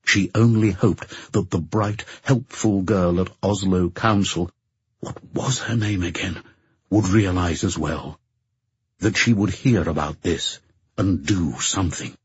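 A man reading a novel aloud as a narrator, in a slow, measured way. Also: low-pitched, dry recording. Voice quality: husky. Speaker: audiobook narrator. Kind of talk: scripted narration. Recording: dull lo-fi recording.

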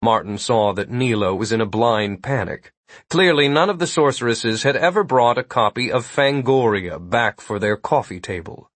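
Husky male audiobook narrator. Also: mid-range voice, moderate pace, a bit bright, dry recording. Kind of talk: scripted narration.

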